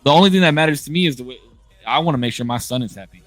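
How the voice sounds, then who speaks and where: Speaking very fast in a dry recording, a man in his thirties has a slightly high, somewhat bright voice. The conversation is casual and candid, and he comes across as emphatic and blunt, often cursing and starting his sentences over.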